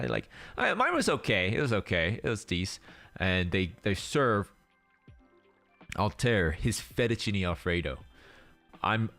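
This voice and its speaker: Lively low-voiced man telling a rambling story. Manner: rambling storytelling with many restarts and acted-out quotes. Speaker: streamer host. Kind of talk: casual chat. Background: faint background music.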